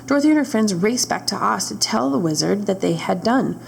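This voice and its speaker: A woman's voice: mid-range voice, animated, brisk, gravelly, a little hiss or hum, low-quality recording. A woman librarian reading a storybook aloud at storytime, narrating steadily and correcting small slips.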